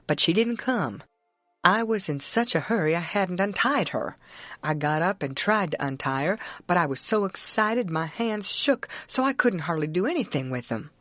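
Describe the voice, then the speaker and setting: Woman audiobook narrator, low voice, dry close recording, first-person storytelling. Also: fairly bright tone, no room sound. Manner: storytelling in a plain boy's rural dialect.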